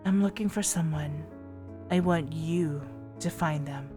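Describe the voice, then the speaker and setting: A woman voicing a calm, mysterious adult witch while reading a visual novel aloud, soft and formal. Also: low voice, a little slow, music in the background. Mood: cool.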